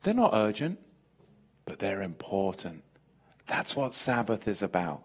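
A man's voice: fairly low pitch, big pitch swings, measured pace, husky. An American man preaching a sermon, emphatic, joking and laughing with his congregation.

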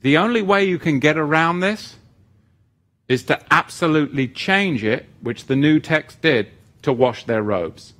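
Animated male preacher, lively pitch. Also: measured pace. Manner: animated, swings between intense emphasis and joking asides. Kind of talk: sermon.

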